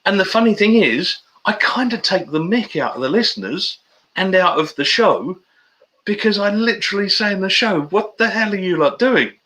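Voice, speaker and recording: A man's voice: sits high, animated, moderate pace, pushed and bright, rough recording. A man, a guest telling stories in casual, matey banter on a video-call interview. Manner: chatty storyteller, matey banter.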